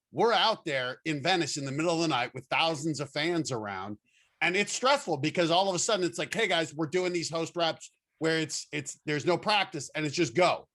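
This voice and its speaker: A man interviewing a colleague in a casual chat, halting with many restarts and repeated words. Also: a little high, a bit bright.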